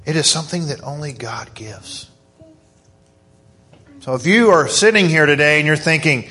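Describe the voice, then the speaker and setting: A middle-aged man delivers a church sermon in a high, hoarse voice. He drops to quiet, drawn-out phrases, then climbs into fast, excited passages. The tone stays fervent and earnest throughout. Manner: fervent, rising to excited emphasis. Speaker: preacher.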